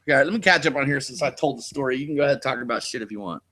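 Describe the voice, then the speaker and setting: His medium-pitched voice races along, pushed and bright, as this Californian channel host spins rambling, laid-back stories on a casual live stream. He swears frequently and talks into a desk mic.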